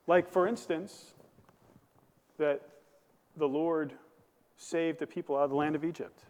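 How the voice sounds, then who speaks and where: A man's voice: a little high, fairly even intonation, a little slow, pauses often, a little mellow, big-room sound. A male pastor preaching a sermon, building to emphatic bursts and asking the congregation questions. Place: church sanctuary.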